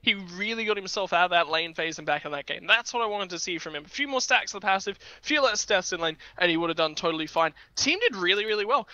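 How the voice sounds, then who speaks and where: High, bright-voiced male esports caster. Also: fast talker, few pauses, no echo, lo-fi sound. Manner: animated, shouts at big plays. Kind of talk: excited esports commentary.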